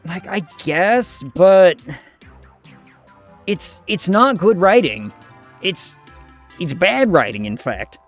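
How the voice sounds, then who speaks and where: A man co-hosting a gaming stream, talking in a relaxed and reflective way. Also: high voice, slow pace, long pauses, soft background music. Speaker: streamer co-host. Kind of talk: casual chat while gaming.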